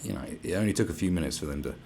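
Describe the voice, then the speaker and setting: A man's voice: deep voice, very fast, darkish tone, a little hiss or hum. A man hosting a live stream, ranting casually with lots of swearing and sarcastic asides. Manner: profane, sarcastic, mocks others in put-on voices.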